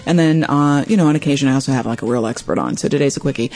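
A woman's voice: very deep voice, rapid-fire, a little mellow. A woman hosting her own show, telling a personal story in a candid, self-deprecating and rambling way. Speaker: podcast host.

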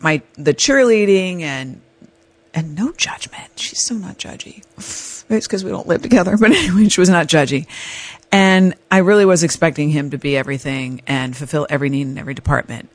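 A woman hosting an advice podcast, telling a personal story in a candid, animated way. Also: deep voice, no room sound. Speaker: podcast host.

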